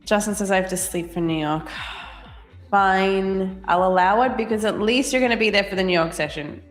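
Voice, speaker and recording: A woman's voice: medium pitch, normal speed, faint music behind. Australian woman, echoey room. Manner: chatty, laughs often, reads chat aloud. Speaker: livestream co-host. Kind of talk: casual live-stream chat.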